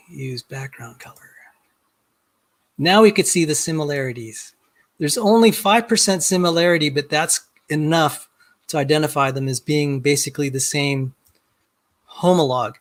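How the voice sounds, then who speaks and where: A middle-aged man walking through a software demo on a video call, rambling and self-deprecating, often repeating words as he starts a sentence. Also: on the high side, unhurried, long pauses. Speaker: guest. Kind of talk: casual screen-share demo chat.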